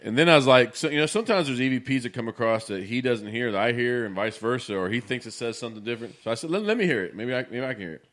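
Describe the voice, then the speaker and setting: A man's voice: mid-range voice, rapid-fire, few pauses. A man co-hosting a podcast, chatting casually and laughing as he tells stories. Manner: laughing, lively storytelling. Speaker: podcast co-host. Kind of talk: casual chat.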